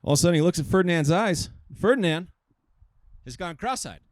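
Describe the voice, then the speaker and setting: A male comedian spins a joke outdoors in a park, loose and full of little pauses. His voice sits a bit high and moves around a lot. The sound is dry, with little echo. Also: expressive. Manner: loose, hesitant storytelling with fillers. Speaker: stand-up comedian. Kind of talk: stand-up joke telling.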